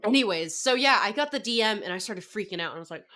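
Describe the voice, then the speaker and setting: A young woman telling a story in a casual podcast chat, excitable and acting out her own reactions. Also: medium pitch, quick pace. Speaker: podcast guest.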